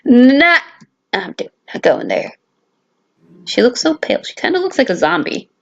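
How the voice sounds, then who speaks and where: A young woman hosting a gaming video, reading the game text aloud and reacting with excitable shrieks. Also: on the high side, moderate pace, vocal fry, highs cut off. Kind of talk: casual game commentary.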